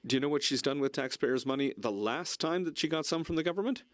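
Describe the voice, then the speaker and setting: A man from Quebec, a member of parliament, giving a halting speech in a legislative chamber with many fillers. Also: a little high, dry recording.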